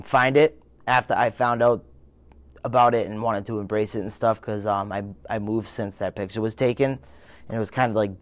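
A man's voice: mid-range voice, clear, resonant tone, no echo. A man in his twenties with a Boston accent telling a story casually. His talk rambles, is full of "like" and "you know", and he acts out what he said back then. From Boston area. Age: 20s. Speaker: interviewee.

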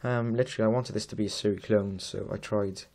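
Talking fast with vocal fry, a steady tone and a darkish, lowish voice, the late-teens Welsh developer gives a casual demo of his home-built app. He rambles and runs himself down as he goes.

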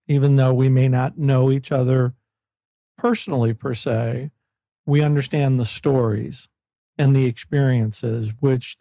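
A man's voice: mid-range voice, gravelly, dark tone, dry recording. A man hosting a podcast, chatty and enthusiastic, laughing often as he talks with a guest. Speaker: podcast host. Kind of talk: casual podcast interview. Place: Florida.

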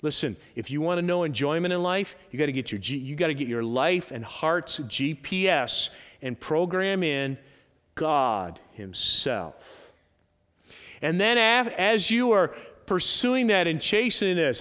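A male pastor preaching a sermon, animated and emphatic, with sudden rises and drops. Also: a little high, unhurried. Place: church sanctuary. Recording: long church hall reverb.

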